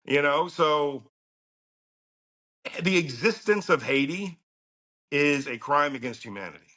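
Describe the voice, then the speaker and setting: A man's voice: fairly high pitch, expressive, a little slow, pushed and bright. A middle-aged man telling a story as a podcast guest, blunt and profane, laughing now and then. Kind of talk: casual storytelling.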